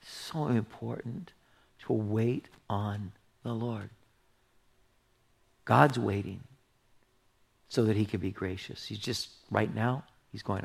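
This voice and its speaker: A man pastor reads scripture aloud and then unpacks it in an earnest, conversational sermon. His mid-range voice carries a gravelly texture. He often softens to a hushed, intimate tone when making tender points. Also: mid-range voice. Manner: earnest, drops to a hushed whisper for tender asides. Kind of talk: expository Bible teaching sermon.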